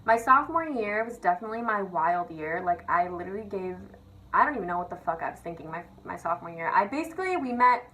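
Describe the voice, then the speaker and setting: A woman's voice: lowish voice, animated, quick pace, pushed and bright, a little hiss or hum, rough recording. Giggly young woman telling stories, swearing. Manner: giggly, profane, filler-heavy with constant "like". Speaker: vlogger. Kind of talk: casual storytelling rant.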